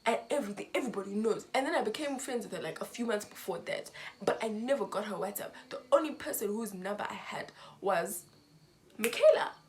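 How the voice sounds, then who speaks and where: Young woman, from Zimbabwe, storytime vlogger, emotional, animated, quotes people as she talks. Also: mid-range voice, fast talker. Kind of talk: storytime vlog.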